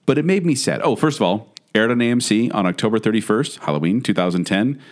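A man's voice: fairly low pitch, lively intonation, fast. A young man co-hosting a casual chat, easygoing and joking with his friends. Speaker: podcast co-host.

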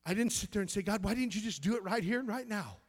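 A middle-aged man delivers a fervent sermon, his voice sitting high with a breathy edge and a quick pace. He swings between loud exclamations and soft, near-whispered storytelling, repeating words when he's moved.

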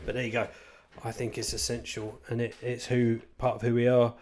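Against slight background noise, a Christian author speaks fairly quickly in a medium-pitched, somewhat mellow monotone. His informal talk on church life is rambling and frank, full of self-deprecating remarks and emphatic repetition.

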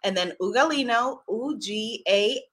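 A woman's voice: on the high side, unhurried, a bit bright. A woman hosting a live stream as an author, chatting effusively with viewers, greeting commenters by name and laughing often. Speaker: livestream host and author.

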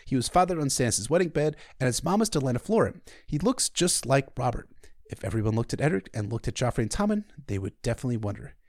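A man hosting a podcast, retelling a book in a casual, chatty way with irreverent asides. His pitch swings about lively as he talks. The recording is dry and close. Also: fast talker, no room sound. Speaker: podcast host.

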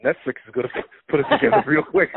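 A man's voice: on the high side, sing-song, fast talker, breathy edge. A man chatting casually and comically as co-host, telling stories with lots of cursing and stammered restarts. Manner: storytelling, profane, stammering restarts. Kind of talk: casual comedic chat. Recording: dry thin phone-like sound.

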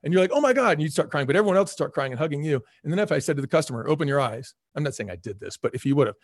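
Fast-talking middle-aged man telling stories. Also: on the high side, no echo, clean studio sound. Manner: animated storyteller, acts out quoted voices, repeats words for emphasis. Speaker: former restaurant chain CEO, guest. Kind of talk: casual storytelling interview.

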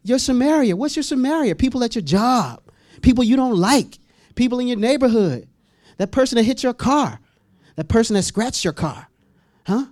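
A man preaching a humorous storytelling sermon as pastor, acting out scenes with sudden high squeals and laughter. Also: normal speed, no room sound, clean studio sound. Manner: animated, acts out voices with sudden high-pitched squeals and laughs.

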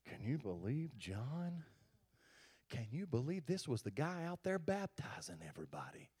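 A man voicing a gossiping churchgoer who mutters scornfully in a hushed, half-whispered voice. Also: mid-range voice, big pitch swings, normal speed, breathy edge, pitched below the performer's own voice. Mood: whispering scorn.

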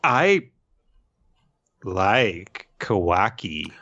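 A man's voice: mid-range voice, big pitch swings, normal speed, sharp tone, no room sound. A man reading the lines of a cheerful young woman villain, offhand and bubbly, on a dull, dry lo-fi recording. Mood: breezy.

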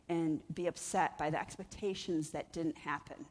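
A woman's voice: low-pitched, moderate pace, hardly any pauses, darkish tone. Woman pastor preaching in a reverberant hall. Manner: conversational and emphatic, rising and falling in intensity. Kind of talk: sermon.

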